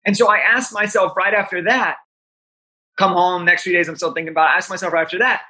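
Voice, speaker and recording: A young man in his twenties, a podcast guest, telling an animated story with frequent "right?" asides. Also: high-pitched, quick pace.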